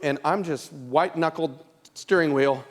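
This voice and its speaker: A man's voice: a little high, unhurried. A man speaking at a youth convention, telling a shared story with playful, teasing interruptions. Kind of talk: storytelling with his wife on stage. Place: large convention hall. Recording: long hall reverb, faint ambience.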